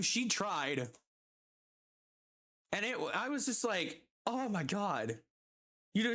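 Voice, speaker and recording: A woman's voice: medium pitch, a bit bright. Exasperated, swearing woman streamer. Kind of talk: casual storytelling while gaming.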